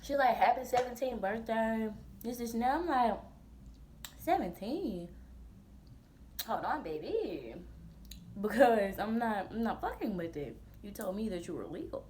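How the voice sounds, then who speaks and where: A woman in her twenties, a vlogger telling a storytime in a blunt, profane, animated way full of slang. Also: on the high side, normal speed, few pauses, slight background noise. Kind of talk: storytime vlog.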